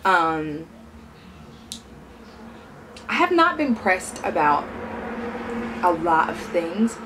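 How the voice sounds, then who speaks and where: A woman's voice: mid-range voice, a bit bright, a little hiss or hum. A young woman vlogger chatting casually and telling stories while she eats, acting out the voices of people she quotes.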